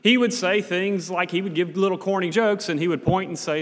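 High-voiced pastor in echoing church. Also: male voice, brisk. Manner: conversational, folksy storytelling with occasional restarts. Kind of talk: sermon. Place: church sanctuary. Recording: long reverb of a church hall.

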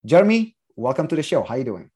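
Podcast host, male, Italian accent, mid-pitched voice, chatty with lots of "uh" fillers. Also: very fast, slightly rough. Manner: frequent "uh" fillers, lively and jokey. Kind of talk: podcast interview. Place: London.

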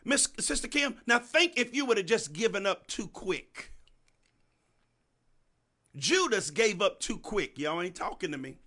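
Male preacher, high and animated, bright voice, drawn-out deliberate delivery, repeats lines to a congregation. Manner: repeats phrases for emphasis, calls on congregants by name; swings between soft and loud. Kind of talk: sermon.

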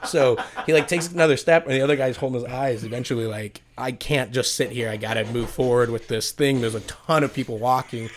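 A man's voice: mid-range voice, fairly quick, few pauses, noisy background. A man telling a long story in casual chat, rambling with lots of filler words, swearing and acting out what people said. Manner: swears, acts out quoted voices; rambling, full of "like". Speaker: podcast co-host telling a story.

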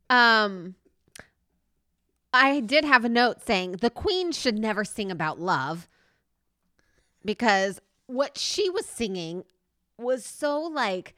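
A woman in her thirties co-hosts a casual podcast, her voice bright and ringing as it swoops up and down. She rambles with plenty of fillers and bursts into laughter, and the sound is close and dry. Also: mid-range voice, dry recording. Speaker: podcast co-host. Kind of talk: casual chat.

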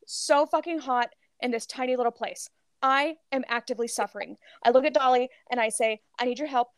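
A woman co-hosting a podcast, telling gossip in a lively casual chat, full of "like" and cursing. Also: on the high side, a little fast, no echo. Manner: animated storytelling, heavy filler "like", swears freely. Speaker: podcast co-host.

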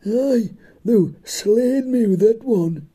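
A man plays the blunt comic sidekick and co-host, firing off dry one-liners and swearing freely in profane comedic banter. His voice sits high but sounds dark and slightly rough, and he takes things slowly.

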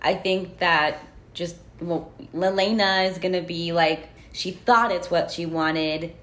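A woman's voice: fairly low pitch, steady tone, slow pace, fairly bright tone. A woman discussing a film casually, thinking aloud with frequent restarts. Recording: roomy echo.

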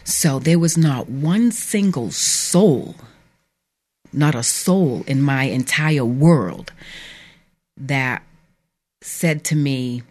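A middle-aged woman, an author guest on a radio show, giving an earnest, halting personal testimony. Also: extremely low pitch, a little mellow. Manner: earnest, halting, emphatic at times. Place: radio studio.

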